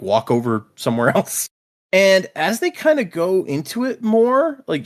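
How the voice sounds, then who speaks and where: A man co-hosting a casual book discussion podcast, animatedly retelling scenes and paraphrasing characters. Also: mid-range voice. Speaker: podcast co-host.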